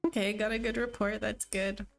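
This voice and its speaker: A woman's voice: medium pitch, level tone, moderate pace, gravelly, faint music behind. A woman streamer giving casual playthrough commentary with dry, amused asides. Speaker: gaming streamer.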